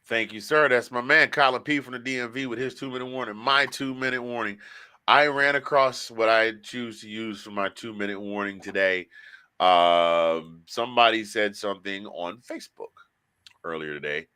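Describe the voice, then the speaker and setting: A male sports podcast host with a low voice that still sounds bright and forceful. The recording is dry and close, with no room sound. He talks casually and tells stories with a lot of emotion and life. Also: normal speed, smooth, no room sound. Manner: emotional, animated storyteller.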